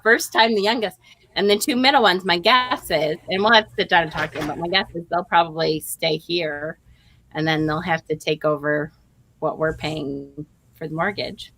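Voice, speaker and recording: A woman's voice: fairly low pitch, moderate pace, a bit bright, slight background noise. A middle-aged woman casually telling a story to her viewers, chatty and laughing often. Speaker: vlog host, tarot reader.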